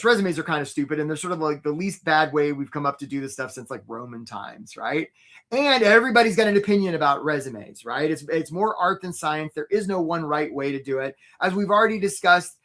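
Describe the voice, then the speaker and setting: A man's voice: high voice, a bit bright. A man hosting a live career webinar as a coach. He talks casually and upbeat, often asks "right?", and speaks straight to his viewers.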